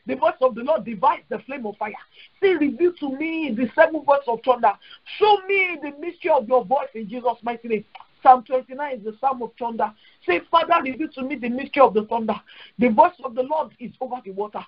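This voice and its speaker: A woman's voice: high-pitched, brisk. A Nigerian woman pastor leading a prayer call, preaching with fervent, repetitive declarations and praying in tongues. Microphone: phone dial-in. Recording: dull lo-fi phone call audio.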